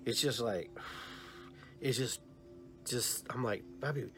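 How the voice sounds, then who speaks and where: A man in his fifties hosting a podcast, rambling softly and heartfelt as he tells a personal story. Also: mid-range voice, slow pace, soft background music. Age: 50s. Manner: rambling, heartfelt, soft-spoken retelling of a dream. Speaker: podcast host.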